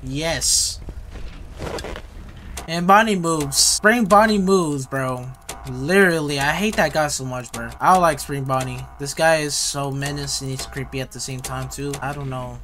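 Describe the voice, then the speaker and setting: A man's voice: fairly high pitch, unhurried, pushed and bright, a little hiss or hum. A young man giving rambling, slang-heavy running commentary as he plays a horror game. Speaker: gaming youtuber.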